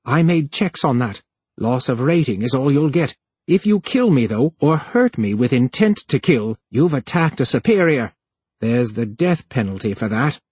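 A male narrator voicing a plump, scheming male official who sneers and then pleads in a higher voice. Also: big pitch swings, moderate pace, a little mellow, breathy edge, dry recording. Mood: pleading.

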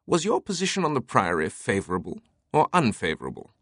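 A man's voice: mid-range voice, huge pitch swings, brisk, a bit bright, no room sound, studio quality, voice pushed up, exaggerated voice. A man voicing a jovial, scheming older aristocrat, with a grandly amused manner. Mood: wry.

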